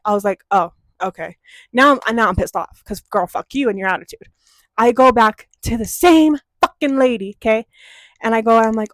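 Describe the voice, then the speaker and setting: A young woman from Denver vlogging a casual storytime, animated and profane, acting out quoted voices. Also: a little high, a little fast, dry recording. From Denver, USA.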